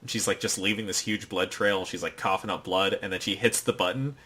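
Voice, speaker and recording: A man's voice: low-pitched, steady tone, a little fast, bright, forceful tone, slightly rough. A man hosting a podcast, retelling a show's plot in a rambling, casual way full of fillers. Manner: rambling, filler-heavy storytelling. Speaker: podcast host. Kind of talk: casual recap chat.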